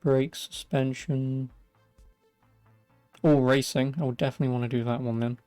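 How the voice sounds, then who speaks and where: A man's voice: mid-range voice, level tone, normal speed, dark tone, clear, resonant tone, no room sound, soft background music. Sweary, sarcastic English gamer guy. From England. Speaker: gaming streamer. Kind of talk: casual let's-play commentary.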